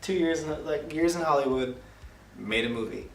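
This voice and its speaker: Jokey man reviewing a movie, roomy sound. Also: on the high side. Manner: jokey, acts out scenes in quick put-on voices. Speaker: podcast co-host. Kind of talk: casual movie review chat. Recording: roomy, distant mic with faint noise.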